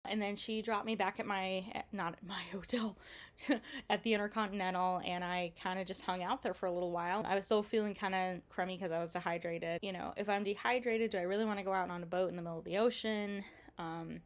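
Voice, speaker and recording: A woman tells a travel story in a chatty, relaxed way. She acts out what others said in animated quotes. Her voice sits at an ordinary pitch for a woman. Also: quick pace. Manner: chatty, animated retelling with quoted dialogue and laughs. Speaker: travel vlogger.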